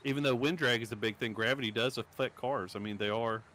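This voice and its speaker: A man's voice: medium pitch, fast, a bit bright. A man co-hosting a casual group podcast, joking around and laughing often. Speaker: podcast co-host.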